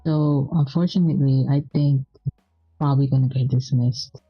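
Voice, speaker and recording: Soft-voiced woman co-hosting a stream. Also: a bass voice, fairly even intonation, moderate pace, slightly rough, no room sound, lo-fi sound, soft background music. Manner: soft, sleepy-sounding voice. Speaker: livestream co-host. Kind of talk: casual livestream chat.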